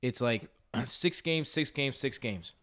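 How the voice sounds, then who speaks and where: A man hosting a casual sports podcast, talking in an excitable, rambling way with frequent restarts. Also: medium pitch, slow. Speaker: podcast host.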